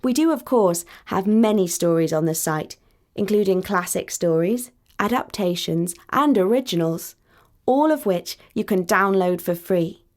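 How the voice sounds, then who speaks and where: A woman storyteller narrating a fairy tale in a clear, measured, deliberate way. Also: mid-range voice, animated, a little mellow.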